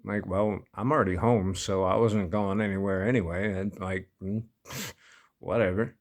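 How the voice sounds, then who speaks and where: A man's voice: fairly low pitch, fairly even intonation, moderate pace. A man casually telling a personal story, laid-back and amused, often breaking into laughter. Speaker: vlogger.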